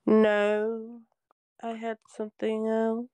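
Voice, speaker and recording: A woman's voice: fairly high pitch, monotone, slow pace, dark tone, clean tone. A woman playing a horror game on stream, chatting bluntly and swearing freely as she complains about the match. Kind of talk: casual gaming chat.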